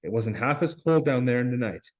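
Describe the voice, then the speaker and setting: A man reading aloud and voicing a fussy, indignant schoolboy who scolds the others in a raised, slightly higher voice. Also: expressive, a little fast, lightly acted, poor audio.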